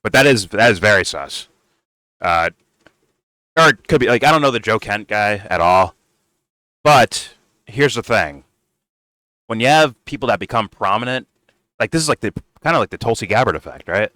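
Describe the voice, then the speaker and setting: Man, reaction streamer, casual, profane, excitable, bright tense voice. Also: fairly low pitch, normal speed, pauses often, no echo. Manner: profane, excitable, laughs often.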